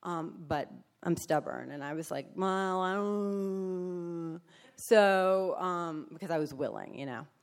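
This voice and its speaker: A woman's voice: low voice, moderate pace, vocal fry, hardly any pauses. A woman giving a candid, emotional personal testimony, speaking frankly with blunt swearing and acting out the people in her story. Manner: animated storyteller who acts out other people.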